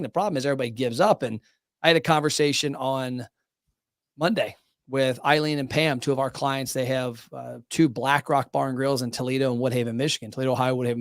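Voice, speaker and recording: Energetic, salesy man hosting a podcast. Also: mid-range voice, dry recording, studio quality. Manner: energetic, animated, talks in quick bursts; salesy, motivational. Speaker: podcast host. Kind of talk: casual podcast conversation. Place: home podcast studio.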